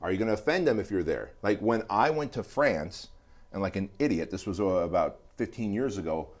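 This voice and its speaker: A man's voice: lowish voice, a little fast. A middle-aged man, a guest on a podcast interview, telling stories and acting out quotes. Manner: animated storytelling, acts out quotes. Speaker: entrepreneur guest.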